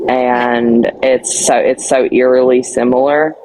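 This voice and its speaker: A woman's voice: extremely low pitch, flat delivery, slow, dark tone, a little hiss or hum, low-quality recording. A woman talking casually and earnestly on a live stream, rambling with many fillers. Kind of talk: casual chat.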